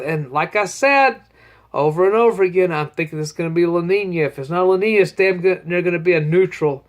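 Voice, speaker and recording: A man's voice: on the high side, quick pace. A man, talking casually in a rambling, folksy trail diary and swearing freely. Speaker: long-distance hiker, podcast host.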